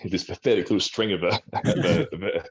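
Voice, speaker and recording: The recording is rough, carrying a deep male voice that moves briskly with fairly even intonation. The speaker, an Australian strongman and personal trainer, is a guest in a casual interview, rambling and restarting while he imitates what the doctors said.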